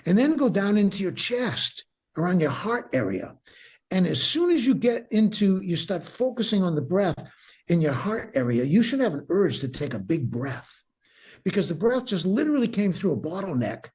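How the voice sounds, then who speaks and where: Older male breathwork teacher, slightly raised pitch, husky, calm instructive guided-meditation delivery. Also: moderate pace. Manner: calm, instructive, repeats cues.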